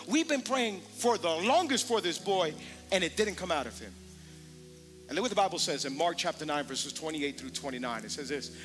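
A male pastor preaching a sermon, talking conversationally with repeated words and building to impassioned shouting. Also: on the high side.

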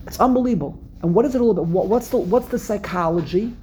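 A woman from Brooklyn with a Brooklyn accent, giving a religious lesson with an animated storyteller's habit of repeating and restarting phrases. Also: medium pitch, quick pace, hardly any pauses, rough recording. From Brooklyn, USA. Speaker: religious teacher. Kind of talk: Passover lesson talk.

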